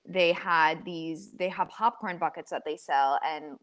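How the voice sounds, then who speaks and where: A woman guest on a podcast in casual chat, telling stories in an animated way and laughing as she talks. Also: low-pitched, a little slow. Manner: animated storyteller, laughs while talking.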